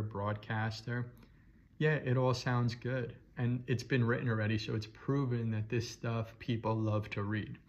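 A man's voice: medium pitch, a little mellow. Man, casual vlog rant, frank and repetitive, slightly dull lo-fi audio. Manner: frank, repetitive, runs on with "and then". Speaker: vlogger.

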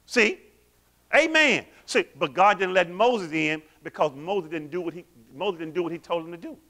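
Animated, high-voiced preaching man. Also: normal speed. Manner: animated, quizzes the congregation with call-and-response questions. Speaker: pastor. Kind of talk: sermon.

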